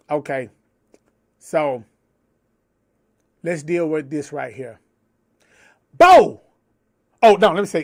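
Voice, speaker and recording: A man co-hosting a casual political talk stream, heated and animated, rambling in folksy slang. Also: on the high side. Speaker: co-host.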